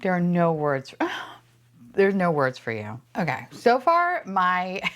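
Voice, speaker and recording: A woman chats through a toy unboxing in a casual, gushing way. Her pitch swoops up and down, and she squeals and curses as each box opens. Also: huge pitch swings, slow pace, a bit bright. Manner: gushing, squeals and swears often. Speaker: unboxing vlogger.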